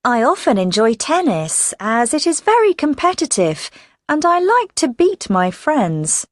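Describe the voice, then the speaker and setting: A woman's voice: high-pitched, big pitch swings, a little slow, no room sound, clean studio sound. A woman reading scripted sentences for an English course recording. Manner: clear, read-aloud delivery. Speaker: audio exercise speaker.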